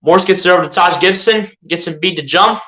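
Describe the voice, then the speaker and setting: Bright-voiced fan doing live play by play, fed up, chatty, keeps fixing slips and repeating stuff. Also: mid-range voice, fast talker, rough recording. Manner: exasperated, rhetorical questions at the team; chatty, self-correcting, repeats itself.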